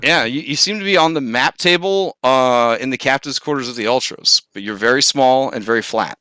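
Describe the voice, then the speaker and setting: Guy running a tabletop game, bright bouncy voice, dry close mic. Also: mid-range voice, brisk, clean tone, dry recording. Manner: animated, lively storytelling with fillers. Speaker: game master.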